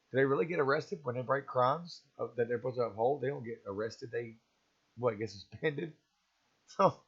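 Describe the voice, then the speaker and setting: A man's voice: mid-range voice, breathy edge. Man, stream host, rambling opinionated chat, slightly muffled lo-fi audio. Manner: rambling, opinionated, chuckles often. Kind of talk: casual live-stream chat.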